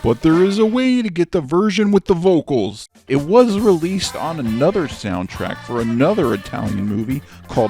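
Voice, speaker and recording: A man's voice: a little high, very animated, moderate pace, few pauses, over music. A man hosting a comedic review show, ranting about movies in a sarcastic, grumbling way. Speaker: host.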